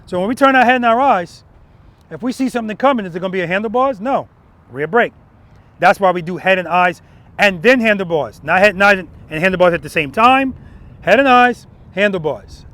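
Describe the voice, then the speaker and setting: A man's voice: high-pitched, fairly bright tone. A man teaching a motorcycle riding lesson in an outdoor parking lot. He stresses key points again and again and often checks in with "right?".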